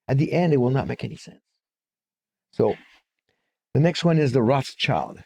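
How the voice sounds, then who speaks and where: Male conference speaker at a stand mic, fairly high-pitched, animated and joking. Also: moderate pace, creaky, pauses often. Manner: animated storyteller, jokes, frequent fillers. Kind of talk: lecture-style sermon. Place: church auditorium. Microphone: stand-mounted microphone.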